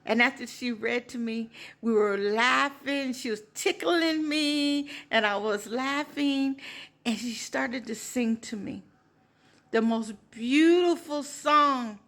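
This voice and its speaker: A woman's voice: a little high, slow pace. A woman in her sixties telling a personal testimony in an emotional, heartfelt way. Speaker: storyteller giving a testimony.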